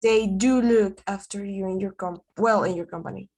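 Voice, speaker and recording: A woman's voice: mid-range voice, fairly even intonation, normal speed, darkish tone. Woman, student, polite, careful, video call.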